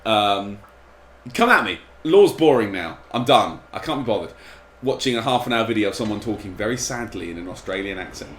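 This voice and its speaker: A man's voice: on the low side, lively intonation, fairly quick, reverberant, low-quality recording. A man hosting a gameplay stream, chatting casually and rambling while he plays. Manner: rambling, distracted while playing. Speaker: gaming streamer.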